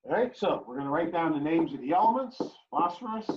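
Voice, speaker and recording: A man's voice: on the high side, very animated, fast talker. A man teaching an introductory chemistry lecture, repeating key phrases and checking in with "right?" as he works through examples. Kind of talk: recorded online lecture. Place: home or classroom during remote teaching. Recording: dull lo-fi lecture recording.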